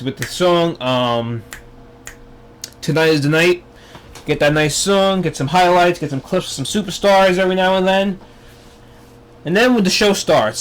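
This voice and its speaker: A young man hosting his own talk show, ranting with exasperation and sarcasm. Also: high voice. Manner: exasperated, sarcastic, mocking impressions. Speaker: vlog host. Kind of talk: ranting commentary.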